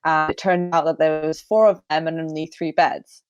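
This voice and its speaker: A podcast guest telling a funny family story in a relaxed, chatty way. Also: mid-range voice, moderate pace, smooth, dry recording, muffled recording. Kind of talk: casual storytelling.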